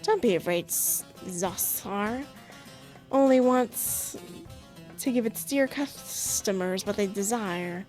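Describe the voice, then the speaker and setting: A woman voicing a coy, scheming male cobra-man silk merchant who talks slowly and hisses his persuasion. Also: mid-range voice, a little mellow, soft background music, natural voice. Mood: coaxing. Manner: slow, drawn-out, hissing persuasion.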